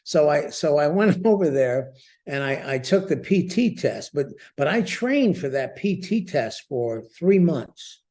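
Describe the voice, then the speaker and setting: A man in his seventies from the United States, a veteran guest telling stories in an interview with a lively, chuckling manner. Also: fairly high pitch, a little slow. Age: 70s. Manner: lively, chuckling storyteller who repeats words as he goes. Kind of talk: storytelling interview.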